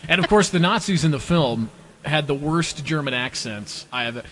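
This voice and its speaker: A man's voice: a little high, animated, moderate pace, a bit bright. A man hosting a podcast in casual chat, rambling, laughing and trailing off into mumbles. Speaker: podcast host.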